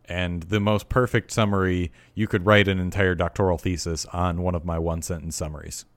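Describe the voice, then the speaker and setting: A man co-hosting a casual podcast, trading deadpan jokes and quick one-line quips, often restarting his sentences. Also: low voice, no echo. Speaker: podcast co-host. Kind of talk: casual chat.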